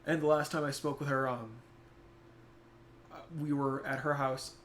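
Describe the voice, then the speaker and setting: A young man streaming, talking casually and reflectively, turning soft-spoken when emotional. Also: mid-range voice, little pitch movement, normal speed, slight background noise. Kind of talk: casual chat.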